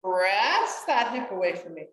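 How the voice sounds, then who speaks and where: A woman's voice: medium pitch, very animated, unhurried. A woman leading a guided chair yoga class, encouraging and chatty. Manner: encouraging, chatty, laughs often. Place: community class room. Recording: echoey room, voice from far off mic.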